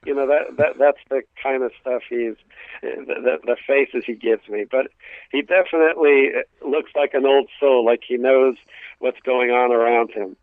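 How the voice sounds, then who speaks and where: A stand-up comedian from New York City with a New York accent, telling family stories in a casual interview, full of restarts and acted bits. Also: male voice, medium pitch, steady tone, moderate pace, no room sound. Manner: storytelling with acted family voices, many restarts. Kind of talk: casual radio interview chat. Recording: tinny phone line.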